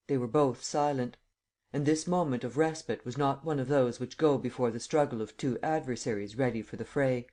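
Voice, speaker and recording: A man's voice: medium pitch, steady tone, moderate pace, a little mellow. Man narrating an audiobook. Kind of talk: scripted narration.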